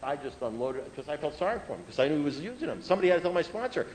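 A man's voice: a little high, very animated, very fast, darkish tone, slight background noise, low-quality recording. A man telling his recovery story to an audience in a humorous, conversational way, repeating phrases for rhythm. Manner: humorous, self-mocking and conversational. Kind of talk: personal storytelling talk to an audience.

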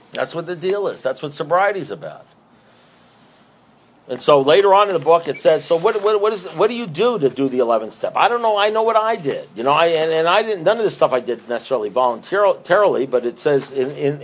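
A man giving an emphatic, conversational recovery talk who often repeats himself. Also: fairly high pitch. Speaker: recovery speaker.

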